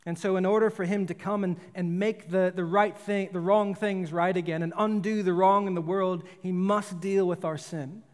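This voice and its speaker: A man's voice: high voice, steady tone, moderate pace, hardly any pauses. A man preaching a sermon in earnest, often repeating words and restarting phrases as he goes. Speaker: pastor. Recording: long hall reverb.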